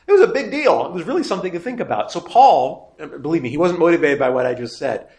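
A man's voice: a little high, very animated, quick pace, a little mellow. A man, a priest, teaching a scripture lesson in a conversational way and asking his class rhetorical questions. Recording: roomy echo.

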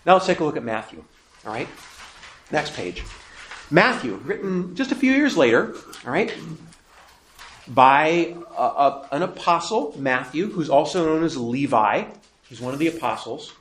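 A man's voice: on the high side, very animated, moderate pace, long pauses, fairly bright tone, roomy sound, a little hiss or hum. A man teaching a Bible class, emphatic and conversational, asking questions and then answering them himself. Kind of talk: catechism lecture.

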